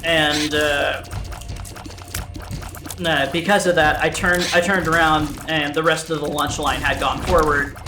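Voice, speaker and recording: This let's play host is a young man with a fairly high voice, a level tone and a measured pace. He tells a story casually while playing, rambling, swearing, starting over repeatedly and filling gaps with fillers, against game music in a roomy space.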